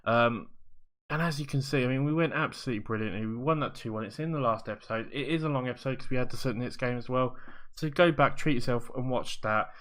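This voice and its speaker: A man's voice: mid-range voice, fast talker, fairly bright tone. A man giving casual commentary over a football management game, rambling and correcting himself as he goes. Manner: rambling, self-correcting, upbeat. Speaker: video game streamer.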